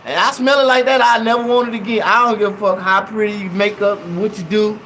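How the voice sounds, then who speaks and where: A man telling a profane, comedic story in an animated, loud way. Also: high voice, a little fast, slight background noise.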